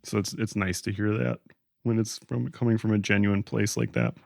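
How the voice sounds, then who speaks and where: A man co-hosting a podcast, chatting in a relaxed, thoughtful way. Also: on the low side, normal speed, gravelly, dry recording, studio quality. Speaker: podcast co-host. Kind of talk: casual podcast chat.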